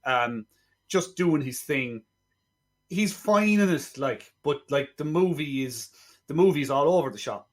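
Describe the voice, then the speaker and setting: A man co-hosting a podcast, chatting casually about a film in a rambling way with quick asides. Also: a little high, lively intonation. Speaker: podcast co-host. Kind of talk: casual film review chat.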